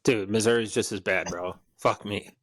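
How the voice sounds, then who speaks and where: A lower-voiced man chats on a podcast, animated and quick to curse. The sound is dry and close, with no room around it. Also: dry recording. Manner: animated, swears a lot. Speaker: podcast co-host. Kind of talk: casual chat.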